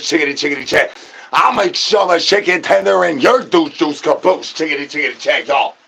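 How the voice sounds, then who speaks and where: A man doing an absurd comedy rant to his chat, spilling rhyming nonsense patter with rapid stuttered repetitions. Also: fairly high pitch, gravelly, pushed and bright, slight background noise. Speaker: streamer.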